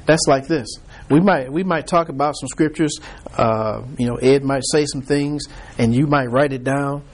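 A man's voice: mid-range voice, moderate pace. A man leading an informal Bible study, talking conversationally with frequent restarts and acting out people's reactions.

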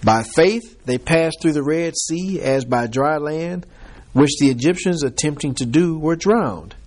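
A man leads a group Bible study in a relaxed, conversational way, quizzing his listeners as he goes. His voice is husky and a little high. He talks slowly and often laughs. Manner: chatty, laughs often, asks the group questions. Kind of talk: casual scripture teaching.

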